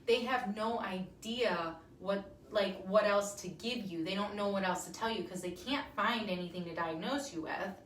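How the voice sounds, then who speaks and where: A woman's voice: mid-range voice, moderate pace, hardly any pauses, a little hiss or hum. A woman in her thirties hosting a casual live talk to viewers, chatty and emphatic with frequent ums. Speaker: wellness talk host. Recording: roomy echo, somewhat far from mic.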